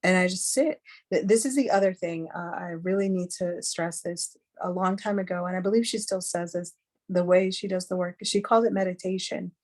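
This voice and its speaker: A woman's voice: lowish voice, steady tone, normal speed, darkish tone. A middle-aged woman giving a candid, chatty teaching talk on a video call, earnest and full of fillers. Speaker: webinar speaker.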